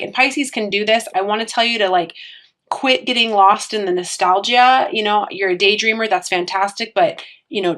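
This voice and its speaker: A woman's voice: medium pitch, a bit bright. A woman giving a casual, encouraging tarot reading, earnest and full of fillers and restarts. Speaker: tarot reader.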